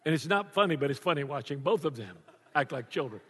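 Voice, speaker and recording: An older man preaching a sermon to a congregation, animated and joking, laughing often. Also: fairly high pitch, fast, breathy edge. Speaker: pastor. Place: church before a congregation. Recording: long reverb of a large church.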